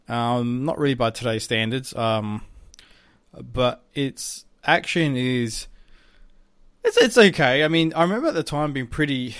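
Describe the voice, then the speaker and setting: A man's voice: mid-range voice, fairly bright tone, smooth, no room sound, studio quality. A young man co-hosting a podcast in casual chat, rambling with many ums and some swearing. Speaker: podcast co-host.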